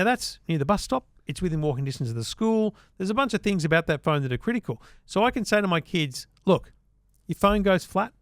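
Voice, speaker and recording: A man's voice: high voice, a bit bright, no room sound, studio quality. An Australian man co-hosting a tech podcast, talking casually and reading an ad in a chatty, list-running way. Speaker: podcast co-host. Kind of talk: casual tech chat and read ad.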